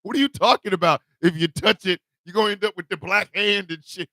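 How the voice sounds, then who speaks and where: Talking fast with hardly any pauses, a man with a high, gravelly voice hosts a morning radio show and rattles off a loose, profane story. He's animated, laughing, swearing and acting out family members' lines in a casual storytelling monologue. The sound is studio quality, with no echo.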